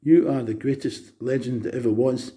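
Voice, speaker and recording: Man, manic rambling monologue, preachy, very dark mellow voice. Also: medium pitch, steady tone, normal speed. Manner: manic, jumping between topics, preachy. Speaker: vlogger.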